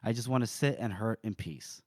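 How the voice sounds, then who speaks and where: A tough, bitter frontier woman who speaks bluntly and never softens anything, as a man reads her lines. The voice drops a little lower than his usual pitch. The sound is dry and close. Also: fairly quick, dry recording, lightly acted.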